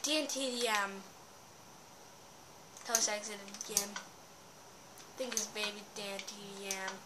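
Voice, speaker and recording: A woman giving casual gameplay commentary, excitable and often bursting into yells. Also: mid-range voice, takes it slowly, pauses often, slight background noise.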